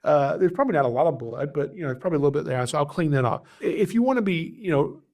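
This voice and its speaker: A man, hosting a podcast and telling a story in a casual, animated way, laughing at himself often. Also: a little high, racing. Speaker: podcast host, reptile rescuer.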